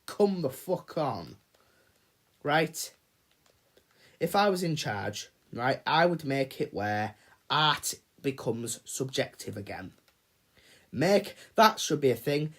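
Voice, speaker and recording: A man's voice: medium pitch, expressive, slow, a bit bright. Ranting man on a casual livestream. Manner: ranting, swears freely, chats with viewers in chat. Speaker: livestream host.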